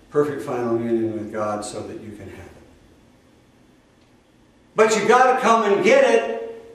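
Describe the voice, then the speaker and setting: An older man giving a folksy, conversational sermon as a spiritual teacher, full of asides and rhetorical questions. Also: medium pitch. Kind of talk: spoken sermon. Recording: roomy echo, speaker far from the mic.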